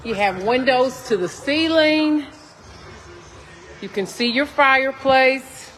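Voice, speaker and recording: A woman's voice: high voice, lively intonation, takes it slowly, fairly bright tone. Chatty woman touring an echoey empty house. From Texas. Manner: chatty, exclaims often, addresses viewers as y'all. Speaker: realtor touring a model home. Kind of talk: walkthrough home tour vlog. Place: empty house under construction, indoors. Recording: echoey empty rooms with faint noise.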